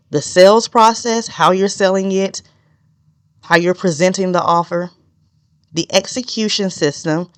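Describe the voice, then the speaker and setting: A woman's voice: deep voice, no room sound. Chatty woman podcast host, dry sound. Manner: chatty and direct, with laughs and asides. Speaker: podcast host and business consultant. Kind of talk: casual solo podcast teaching.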